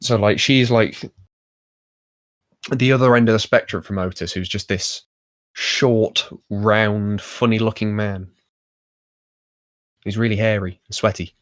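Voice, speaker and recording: Young male podcast host, low voice, rambling and wry, dry close sound. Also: steady tone, a little slow, pauses often, no echo. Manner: rambling, filler-heavy, wry. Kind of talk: casual chat about wrestling.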